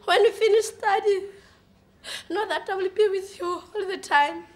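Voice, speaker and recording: A woman's voice: very high voice, a little slow, pushed and bright, heavily acted. A woman from Botswana performing an audition monologue as a despairing, sick, orphaned young woman, swinging between sobbing and laughing. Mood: pleading softly. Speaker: audition contestant.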